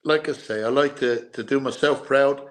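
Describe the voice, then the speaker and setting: A man's voice: medium pitch, normal speed. A man from Ireland with a mixed Irish and English accent, a former boxer and bodyguard telling his story in a casual interview, earnest and repeating himself as he goes. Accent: Irish with English mix. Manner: repetitive, earnest storytelling with restarts.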